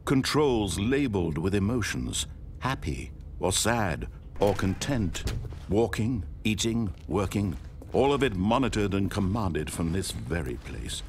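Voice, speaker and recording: A man voicing an omniscient storyteller narrating a video game, in a measured, expressive delivery with dramatic questions. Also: lowish voice, slight background noise. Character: omniscient male storyteller narrating an office worker's life.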